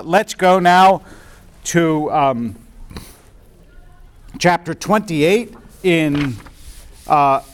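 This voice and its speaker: A man teaching a Bible study class to a group in a room. He lectures informally, often checking in with "right?" and pausing on "um". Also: medium pitch. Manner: conversational, checks in with "right?", frequent "um".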